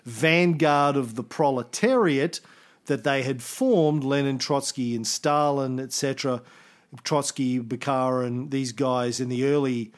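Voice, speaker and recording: A man hosting a casual history podcast, explaining events thoughtfully with pauses and restarts. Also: mid-range voice, fairly even intonation. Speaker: podcast host.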